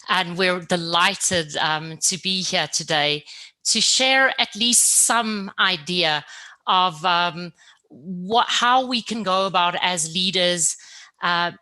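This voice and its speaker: A woman's voice: mid-range voice, sharp tone. A woman moderating a webinar panel, speaking earnestly with frequent ums and uhs as she introduces guests. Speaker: panel moderator and course facilitator.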